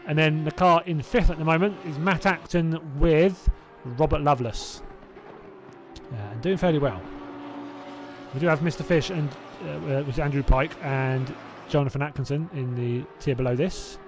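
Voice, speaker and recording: A man's voice: a little high, steady tone, normal speed, music in the background. A young man casually hosting a live sim racing watch-along, chatty and reacting aloud, laughing often. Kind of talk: casual live-stream chat.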